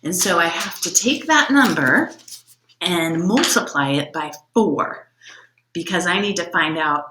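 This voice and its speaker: Teacher lady walking little kids through it slowly, echoey room. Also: fairly low pitch, expressive, heavy background noise. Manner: patient, step-by-step, asks the kids questions. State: out of breath after exercise. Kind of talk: remote lesson for young children.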